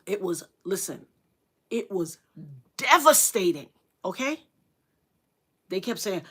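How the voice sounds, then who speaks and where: A middle-aged woman telling a story on a livestream, earnest and dramatic, repeating phrases for emphasis and acting out what others said in sudden loud, high bursts. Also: big pitch swings, measured pace, long pauses, breathy edge.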